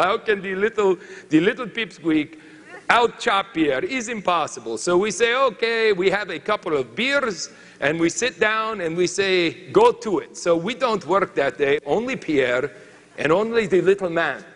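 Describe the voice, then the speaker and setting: Man doing a comic French woodcutter, high-pitched and drawn-out, thick put-on accent, long hall reverb. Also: lively intonation, fairly bright tone. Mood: storytelling. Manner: halting, broken English, comic timing. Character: boastful French lumberjack man, comic storyteller.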